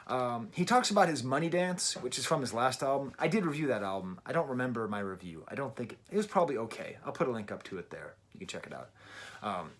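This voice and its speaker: A man's voice: mid-range voice, big pitch swings, quick pace. A middle-aged man giving a casual, emphatic and wry album review from his daughter's bedroom at home. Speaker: music reviewer.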